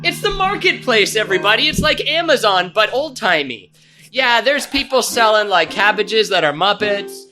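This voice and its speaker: A man narrating a scene excitedly during a live improv comedy show. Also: high voice, moderate pace, soft background music. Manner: excited, lively storytelling.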